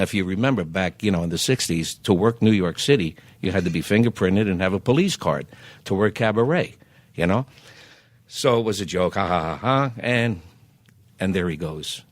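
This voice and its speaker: A man, telling lively anecdotes as a podcast guest and acting out the dialogue. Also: sits low, no echo. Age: 70s. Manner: animated raconteur who acts out quoted dialogue. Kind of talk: anecdotal storytelling.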